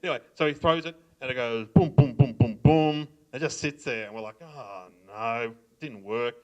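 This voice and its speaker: A man's voice: medium pitch, a little fast, lo-fi sound, soft background music. A middle-aged man with an Australian accent doing stand-up storytelling before a live audience, acting out the voices of others and laughing often. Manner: animated, acts out voices of family and cops, laughs often. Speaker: stand-up comedian.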